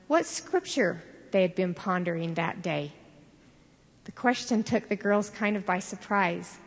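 An older woman giving a sermon, telling stories in an earnest, measured way. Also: medium pitch. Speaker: devotional speaker. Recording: long reverb of a large hall.

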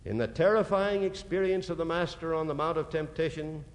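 A man preaching a sermon, slowly and dramatically, reading out scripture quotations. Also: a little high. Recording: long hall reverb.

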